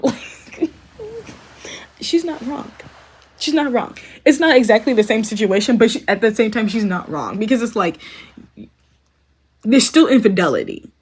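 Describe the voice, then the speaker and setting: A woman's voice: a little high, sing-song, normal speed, breathy edge. A young woman casually recapping a TV series, talking loosely with lots of fillers and laughing as she mock-quotes the characters. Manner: chatty, frequent "like" and "um", bursts of laughter, mock-quoting characters. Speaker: commentary video host.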